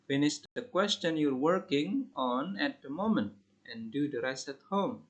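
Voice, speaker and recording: A man with an Indonesian accent reading classroom English phrases aloud in a slow, deliberate lesson style. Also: medium pitch. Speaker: English teacher.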